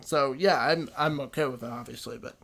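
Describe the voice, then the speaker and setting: A man co-hosting a casual podcast, retelling a film's plot in a relaxed way with many fillers. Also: mid-range voice, a little fast, creaky. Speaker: podcast co-host. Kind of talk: casual film discussion.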